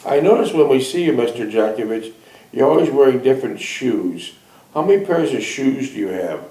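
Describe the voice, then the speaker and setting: A man hosting an interview, firing off brisk questions and answering with short acknowledgments. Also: medium pitch, expressive, dark tone, roomy sound, poor audio. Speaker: interviewer, show host. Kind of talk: reading aloud and asking interview questions.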